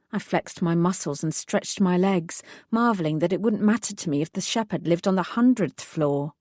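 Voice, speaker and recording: A woman reading a first-person audiobook in a measured, wry storytelling manner. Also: lowish voice, darkish tone, no room sound, clean studio sound. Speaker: audiobook narrator. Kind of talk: scripted first-person narration.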